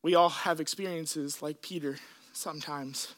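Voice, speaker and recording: A man preaching a sermon, retelling scripture in an earnest, emotional way with dramatic pauses. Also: a little high, fairly even intonation, fairly bright tone. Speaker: pastor.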